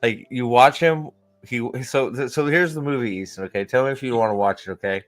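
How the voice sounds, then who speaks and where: A man's voice: mid-range voice, fairly quick, soft background music. A man hosting a casual livestream, who jokes, rambles and swears as he chats. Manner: joking, rambling and profane. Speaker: streamer host.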